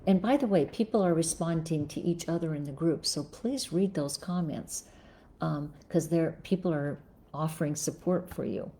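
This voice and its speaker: A middle-aged female psychologist answers viewer questions during a live stream, reading out their comments and giving advice. Her voice sits low with a dark tone at a moderate pace, and she sounds thoughtful, using lots of fillers and restarting her sentences.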